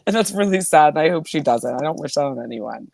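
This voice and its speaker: A woman's voice: low-pitched, lively intonation, fast talker, gravelly, darkish tone, dry recording. Woman host rambling away, lots of "like", giggly, bouncy voice. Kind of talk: casual chat.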